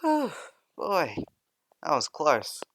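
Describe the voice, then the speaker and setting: A man voicing a hurried, flustered teenage hero boy in a fan storybook reading. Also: mid-range voice, steady tone, pushed and bright, slight background noise, close to an everyday voice.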